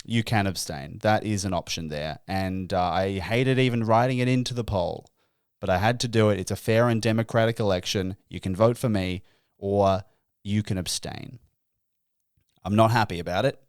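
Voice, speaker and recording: A man's voice: lowish voice, normal speed, clean tone, dry recording, studio quality. A man hosting a solo comedy podcast, mock-pompous and self-deprecating, breaking into chuckles. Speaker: podcast host.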